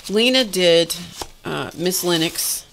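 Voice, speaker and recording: Slow-talking woman hosting a craft live stream. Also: on the low side, animated, vocal fry, a bit bright, slight background noise. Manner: chatty, exclaiming over gifts, talking to viewers. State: coughing, voice getting tired. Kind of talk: casual live-stream chat, opening happy mail.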